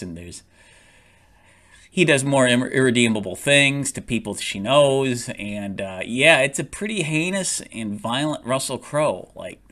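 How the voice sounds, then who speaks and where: A man's voice: lowish voice, pushed and bright. A man casually reviewing a movie, rambling with lots of fillers, restarts and frequent laughs.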